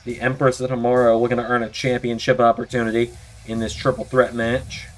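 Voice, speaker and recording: A man with a sore throat calls the matches in an announcer style. His voice sits in a middle pitch, and he keeps up steady play-by-play hype. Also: fairly quick, faint music behind. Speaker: commentator, channel host. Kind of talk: play-by-play video game wrestling commentary.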